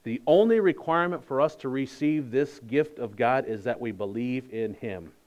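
A man's voice: medium pitch, moderate pace, darkish tone, lo-fi sound. A man pastor giving a sermon in a conversational, emphatic way with wry humor.

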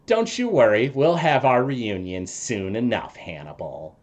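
A gloating, fiendish male villain from a tabletop game, as a man puts him on. He taunts in a mock-friendly tone and pitches up on his jabs. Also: animated, a little slow, muffled recording. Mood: taunting.

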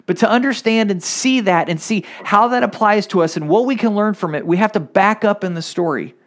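A male pastor preaching a sermon, reading scripture with expressive, dramatic emphasis. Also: sits high, brisk.

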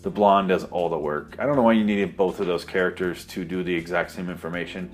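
A man with a very low voice rambles through a movie recap, full of sarcasm and swearing. He drifts into asides and mock voices as he goes. Faint music plays quietly underneath. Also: steady tone, a little fast. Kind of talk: comedic movie recap monologue.

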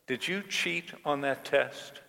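A man voicing a calm, wise mother in a sermon story, speaking softly and steadily. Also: mid-range voice, takes it slowly, gravelly, slight background noise, heavily acted. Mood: firm. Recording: long reverb of a church hall.

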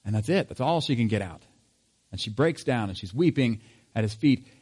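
A man's voice: mid-range voice, lively intonation, normal speed, a little mellow, breathy edge. Man preaching in a conversational way. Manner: conversational preaching with rhetorical questions. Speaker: pastor. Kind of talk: sermon.

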